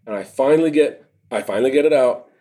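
A middle-aged man who served as a police officer tells a long story on a casual podcast. He rambles, restarts, swears freely and laughs easily. His voice sits in an ordinary middle pitch. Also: fast, dark tone.

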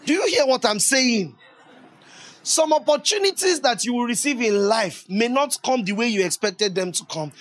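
A man preaching a sermon, lively and conversational, asking the congregation questions and laughing along with them. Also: very high-pitched.

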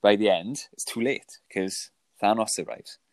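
A man's voice: lowish voice, measured pace, a little mellow, no room sound. A man co-hosting a podcast, reviewing films in casual chat, thoughtful and hesitant with many fillers. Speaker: podcast co-host.

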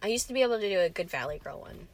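A young woman co-hosting a casual comedic chat, playful and quick to slip into joke voices. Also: mid-range voice, expressive. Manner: playful, slips into joke voices and mock preaching. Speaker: podcast co-host.

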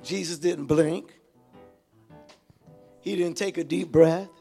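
A man preaching a sermon as pastor, swinging between hushed asides and shouted calls to the congregation. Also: a little high, slow, gravelly, faint music behind. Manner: animated, call-and-response preaching with sudden shifts from hushed to shouted.

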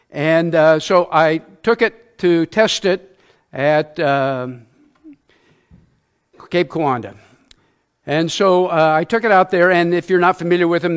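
An older man, a church elder, preaches a sermon by telling a self-deprecating story about himself, acting out its sounds and quotes as he goes. His voice is fairly high and clean in tone.

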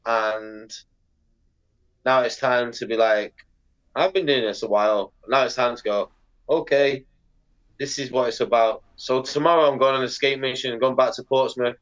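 A man speaks in a loose, animated podcast chat, swearing freely and scattering "like" through every thought. His voice sits at an ordinary middle pitch. The recording sounds dull and lo-fi. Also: normal speed, clean tone. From Britain. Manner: animated, heavy swearing, lots of "like" fillers. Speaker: podcast guest, pro skateboarder. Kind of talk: casual podcast interview.

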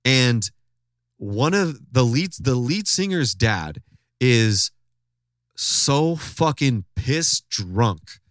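A man hosting a podcast, telling a story in loose, animated, profane casual chat. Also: mid-range voice, drawn-out words, no echo, studio quality. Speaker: podcast host.

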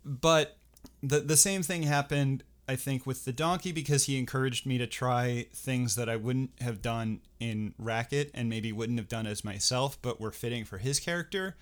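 A man's voice: mid-range voice, moderate pace, few pauses. A man in casual podcast conversation, talking with many restarts and a dry, self-deprecating humor. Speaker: furry performer guest.

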